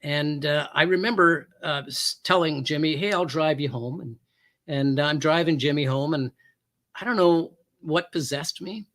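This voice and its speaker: A man's voice: fairly high pitch, a little slow, a bit bright. A former police officer telling a personal story as a talk show guest, acting out the quoted lines with big jumps in his voice.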